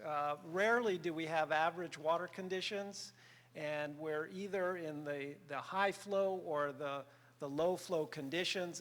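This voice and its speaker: An older man giving a public workshop presentation in an earnest, measured way with many filler sounds. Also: fairly high pitch, fairly bright tone. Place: meeting hall. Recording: reverberant meeting hall.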